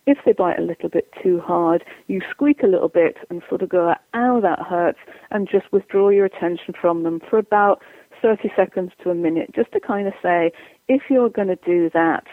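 A woman dog trainer with a lowish voice talks fairly quickly in an interview, chatty and explanatory as she gives advice and acts out what owners and dogs say. There's no room sound, just a tinny, dry phone line.

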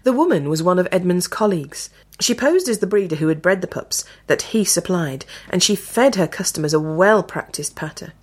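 Low-voiced woman reading a story. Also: animated, moderate pace, few pauses, breathy edge. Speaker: narrator. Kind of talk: storytelling narration.

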